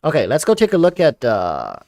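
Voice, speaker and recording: A young man streaming a game, chatting casually with a calm, relaxing voice while he rambles through viewer comments and answers their questions. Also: a little high, fairly quick, vocal fry, no echo. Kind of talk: casual livestream chat.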